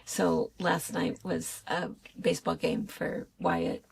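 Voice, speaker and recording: Laughing, gravelly older woman. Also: fairly low pitch, slow, slight background noise. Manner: animated storytelling, laughs often. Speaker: shop owner and co-host. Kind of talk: casual chat.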